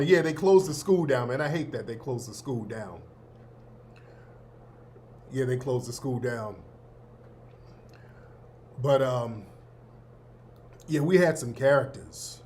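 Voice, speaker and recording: A man in his fifties hosting a show, telling school stories in a casual, slangy way and often laughing. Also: medium pitch. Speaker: host. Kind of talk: casual storytelling.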